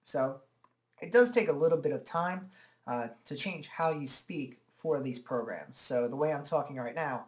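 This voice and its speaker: A man giving a relaxed, chatty walkthrough of software at his computer, talking into a desk microphone and filling pauses with "uh" and "okay". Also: a little high. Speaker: software tutorial presenter. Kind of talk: casual screen-recorded software demo.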